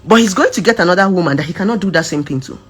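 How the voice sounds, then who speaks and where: Her husky, fairly low voice moves very fast as she addresses her followers about past relationships. A social media advice speaker, she gives a casual, emphatic personal testimony, animated and switching from shouting to soft quoted voices.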